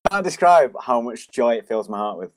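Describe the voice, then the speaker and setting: A man's voice: mid-range voice, expressive, a little fast. A man co-hosting a podcast who gushes with enthusiasm. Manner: gushing, enthusiastic. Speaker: podcast co-host. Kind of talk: casual chat.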